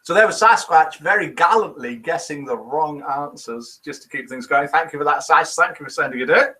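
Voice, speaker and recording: British guy hosting a live show, bright sharp voice, a bit high, jokey and self-mocking. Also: brisk, rough recording. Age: 50s. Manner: chatty and self-mocking, puts on voices for quotes. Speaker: host of a live daily show. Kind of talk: live-stream chat, reading out viewer comments and jokes.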